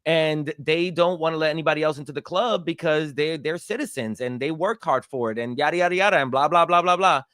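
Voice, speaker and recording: A man's voice: on the high side, fairly quick, few pauses, a bit bright, smooth, dry recording, clean studio sound. A man guesting on a chat show, talking loosely and acting out what others say. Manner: conversational, quotes others in put-on voices. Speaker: guest comedian. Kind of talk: casual chat.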